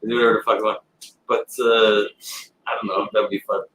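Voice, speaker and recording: A man guest at a comic shop signing, telling stories in a relaxed, rambling way with fillers. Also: fairly low pitch, quick pace. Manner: relaxed storytelling with filler words and restarts. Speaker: actor and guest. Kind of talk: casual interview chat. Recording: roomy, with faint background noise.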